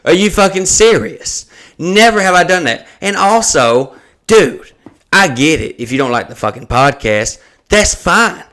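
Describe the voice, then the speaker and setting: Bright-voiced, profane ranting comedian. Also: male voice, high voice, very animated, a little slow. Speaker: podcast host and stand-up comedian. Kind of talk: casual podcast chat.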